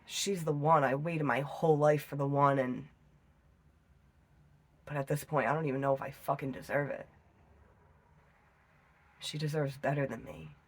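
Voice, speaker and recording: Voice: medium pitch, fairly even intonation, normal speed, long pauses, voice pushed down, lightly acted. A tarot reader doing a lovestruck doubting man. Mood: yearning. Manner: earnest, profane, self-doubting.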